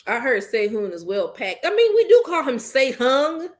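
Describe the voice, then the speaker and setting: A woman's voice: sits high, very animated, normal speed. Joking woman podcast host. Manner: blunt, joking, laughs a lot. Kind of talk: casual group chat.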